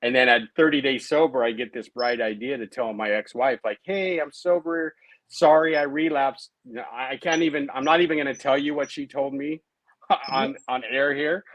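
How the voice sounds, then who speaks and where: A man's voice: medium pitch, a little fast, a bit bright, no echo, rough recording. A man in his late thirties, a guest in an interview, telling his personal recovery story in a conversational way, often adding "right?" and "you know". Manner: conversational, many tag questions and fillers.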